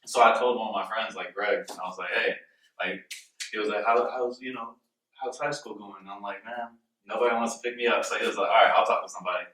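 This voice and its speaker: A man's voice: fairly low pitch, steady tone, bright, forceful tone. A young man telling a rambling story in a casual group discussion, filling his talk with "like". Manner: fast, rambling storytelling with many "like"s. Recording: echoey room, mic at a distance.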